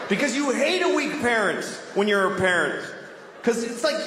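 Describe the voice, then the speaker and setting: A male comedian from Boston in his forties rants crudely into a handheld stage mic, his pitch rising and falling with emphasis. The club sounds roomy, with audience noise throughout. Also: big pitch swings, normal speed, crowd noise. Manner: crude, brash, ranting. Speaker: stand-up comedian. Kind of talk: stand-up comedy set.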